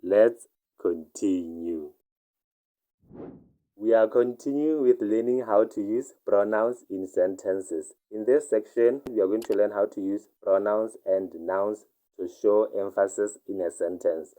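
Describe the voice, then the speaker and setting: Male language teacher, low voice, dark mellow tone, repeats each example twice. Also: a little slow, low-quality recording. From Botswana. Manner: says each example sentence twice, then translates it. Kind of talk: online language lesson.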